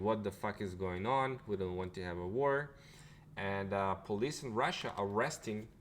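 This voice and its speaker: Brief: male crypto vlogger, low voice, rambling delivery full of fillers, faint background hiss. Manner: loose and rambling, many fillers and restarts. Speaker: crypto channel host. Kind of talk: casual news commentary.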